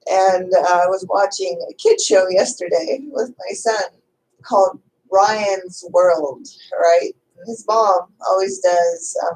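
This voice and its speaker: A woman yoga teacher, likely in her thirties, guiding a slow restorative yoga class in a calm, chatty way with fillers and small asides. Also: fairly low pitch, a little hiss or hum, low-quality recording. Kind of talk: guided restorative yoga instruction.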